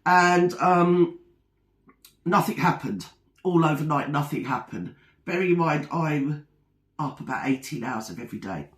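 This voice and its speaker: A woman's voice: low-pitched, expressive, a little slow, roomy sound. A woman comedy vlogger in a casual ranting monologue, blunt, defiant and indignant.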